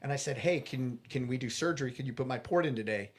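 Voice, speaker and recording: A man's voice: mid-range voice, fast. A man guest in a podcast interview, earnestly telling a personal story and acting out the dialogue, with frequent restarts.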